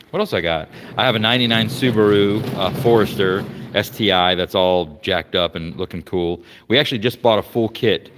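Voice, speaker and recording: Casting: lowish-voiced man, rambling garage walkaround vlog, long reverb around him. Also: fairly bright tone. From Florida, United States. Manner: rambling, many fillers and restarts. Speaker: vlogger showing his car collection. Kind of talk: casual walkaround chat. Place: garage workshop.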